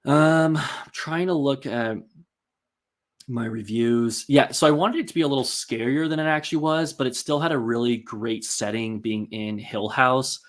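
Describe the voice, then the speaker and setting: A man's voice: medium pitch, normal speed. A man hosting a casual live-stream, rambling and chatty with many ums and likes as he reads out and answers viewer comments.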